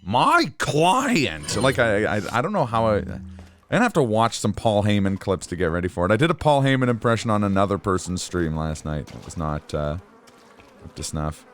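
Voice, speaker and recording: A man's voice: on the low side, animated, fairly quick, soft background music. Chatty rambling male streamer. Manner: chatty, rambling, self-deprecating. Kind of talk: casual gameplay commentary.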